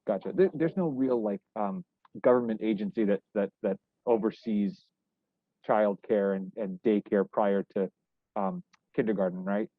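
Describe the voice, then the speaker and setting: A young male reporter chats through his interview questions, stumbling and restarting as he goes. His voice sits fairly low, and it comes over a thin, tinny line in a dry, dead room. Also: dry recording. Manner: halting, many restarts and fillers. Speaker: news reporter. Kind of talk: casual interview.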